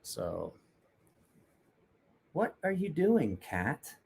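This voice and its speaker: A man's voice: fairly high pitch, huge pitch swings, very slow, gravelly, a little mellow, breathy edge. A man casually chatting with viewers on a livestream, joking, rambling and swearing freely. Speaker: livestream host.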